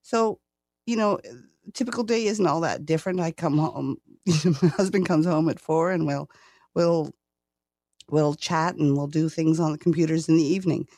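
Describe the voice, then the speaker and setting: A woman in her sixties with a Canadian accent talks in a chatty, self-deprecating way, laughing often. Her voice has a gravelly edge. The recording is dry and close. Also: sits low, normal speed, a little mellow, no echo. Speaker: guest. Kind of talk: casual interview chat.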